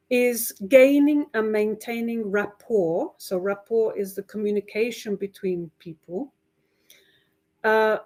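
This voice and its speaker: A woman's voice: mid-range voice, warm tone. A woman giving an online training webinar for language teachers, friendly and checking in often with her audience. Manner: friendly, checks in often with "right?" and "okay?", laughs lightly.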